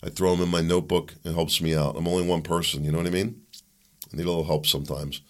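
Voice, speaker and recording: A middle-aged man hosting his own podcast, rambling and animated, mocking his opponents in put-on voices. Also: low-pitched, fast. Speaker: podcast host. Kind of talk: opinion podcast monologue.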